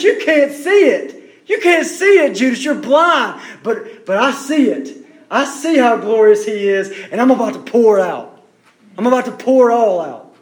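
High-voiced, emphatic man preaching in an echoey room. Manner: emphatic, repeats phrases, drops to hushed questions. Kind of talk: sermon.

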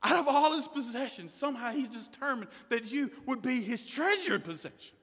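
Male preacher, bright high voice, emphatic delivery shifting from quiet to forceful, long reverb of a hall. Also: expressive, normal speed, husky. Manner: emphatic, swings from hushed to loud. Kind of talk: sermon.

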